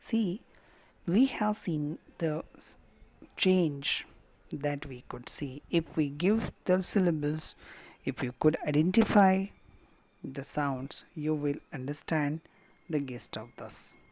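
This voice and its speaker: A woman with an Indian English accent gives a recorded lecture in a low, unhurried voice. She talks slowly and deliberately, sounding out stressed and unstressed syllables one by one. The recording is dry and close, with no room echo. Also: a little mellow. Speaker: teacher.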